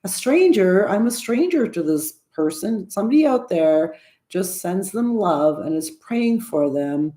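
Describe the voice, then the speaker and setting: A woman in her sixties with a lowish, darkish voice vlogs to camera for her YouTube channel. She's casual and earnest, rambling along, often restarting and circling back mid-sentence.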